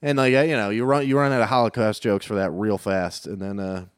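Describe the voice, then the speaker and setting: A man's voice: fairly low pitch, fairly even intonation, fast, smooth, no echo, clean studio sound. A man, a stand-up comedian chatting casually, swearing often and acting out quotes as he tells stories. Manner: profane, storytelling with acted-out quotes. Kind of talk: casual podcast chat.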